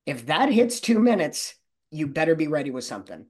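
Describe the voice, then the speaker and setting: A man's voice: fairly high pitch, very animated, fairly quick, a little mellow. A man who trains salespeople, answering interview questions in a confident, coaching manner.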